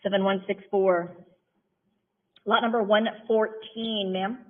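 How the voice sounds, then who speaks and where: A woman works a live auction, calling the bids in a steady rhythmic chant. She drops into chatty, self-deprecating asides about the lots between calls. Her voice comes through thin and tinny, like a phone line. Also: mid-range voice, slow pace.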